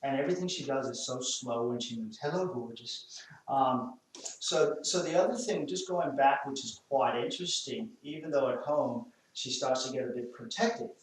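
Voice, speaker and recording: A man with an Australian accent, working as a dog trainer, coaching an owner and gently giving commands to a timid dog. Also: medium pitch, moderate pace. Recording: very echoey, from a distance, faint noise.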